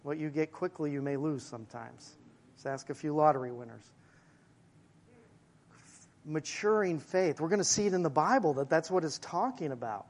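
A male pastor preaching a sermon in a conversational way, with asides to the congregation and slowing down to stress key phrases. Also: fairly high pitch.

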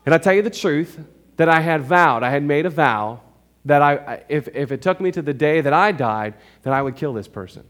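A man's voice: a little high, expressive, fairly quick, fairly bright tone. A male pastor preaching a sermon to his congregation in church, emphatic and conversational, often checking in with his listeners.

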